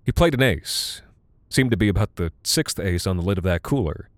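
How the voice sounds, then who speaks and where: A man narrating a scripted horror story in the first person, with a dry, deadpan delivery. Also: low-pitched, normal speed, dry recording.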